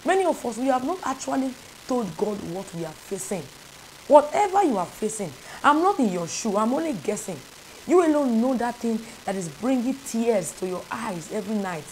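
A woman's voice: fairly high pitch, darkish tone, slight background noise, rough recording. A woman spiritual advisor, preaching in an earnest, repetitive, prayerful way. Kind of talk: preaching spiritual instruction to camera.

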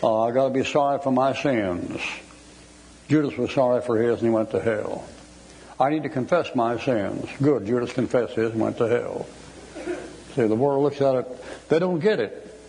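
A man's voice: mid-range voice, a little mellow, a little hiss or hum, low-quality recording. An older man with a Southern US accent preaching a Bible study in a folksy way, stressing the scripture he quotes. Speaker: Baptist preacher.

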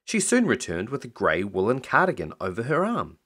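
A man reading a picture book aloud as a bedtime story, in an expressive storytelling manner. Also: medium pitch, fairly quick, breathy edge.

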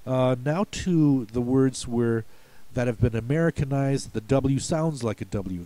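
A man's voice: medium pitch, unhurried, mellow, dry recording. A man from the United States patiently explaining word pronunciations for a spelling lesson, in a folksy, step-by-step way. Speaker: spelling bee coach.

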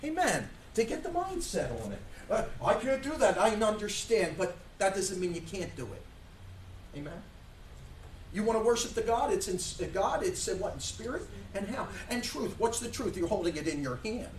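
A man's voice: high voice, very animated, moderate pace, slight background noise. Emphatic male preacher in an echoey church. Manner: rhetorical questions, emphatic, sometimes shouting. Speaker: pastor. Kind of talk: sermon. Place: church sanctuary. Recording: echoey church room from far off.

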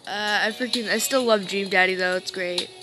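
A woman's voice: mid-range voice, normal speed, noisy background. A woman casually commenting on a game she is playing, upset and rambling, with self-deprecating asides. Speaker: let's play gamer.

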